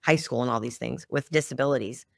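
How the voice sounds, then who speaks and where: A middle-aged woman talks as a podcast guest, her storytelling heartfelt and emotional. Her voice has a gravelly texture. The sound is dry and close. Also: a bass voice, fast, no room sound. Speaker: podcast guest, children's media founder. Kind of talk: interview storytelling.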